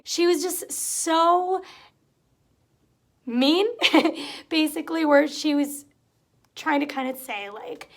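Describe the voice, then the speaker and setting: A woman's voice: high-pitched, animated, unhurried, long pauses. A young woman telling retail stories in a casual, chatty way, getting exasperated and acting out what customers said. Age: young adult. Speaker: vlogger. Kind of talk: casual storytelling. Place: home room, cat nearby.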